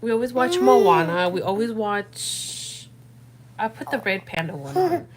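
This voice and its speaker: A young woman chatting casually on a livestream from home at night, animated and slangy, talking straight to her viewers. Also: mid-range voice, measured pace, crowd noise. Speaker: livestream host.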